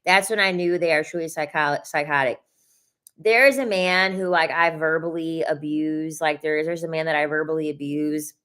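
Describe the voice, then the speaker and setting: A woman's voice: sits low, steady tone, normal speed, fairly bright tone. Blunt, cussing young woman streamer. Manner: blunt, profane, repeats points for emphasis. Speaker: livestream host reading chat. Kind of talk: casual livestream chat.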